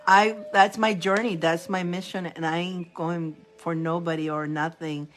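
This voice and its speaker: A woman, chatting casually on a live stream as a spiritual reader, animated and laughing often. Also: on the low side, normal speed, soft background music.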